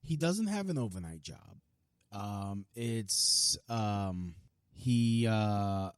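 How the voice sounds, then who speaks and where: A man's voice: lowish voice, animated, drawn-out words, clean tone, no echo. A man ranting casually to camera, rambling and profane, with many fillers and restarts. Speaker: vlogger. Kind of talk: casual rant.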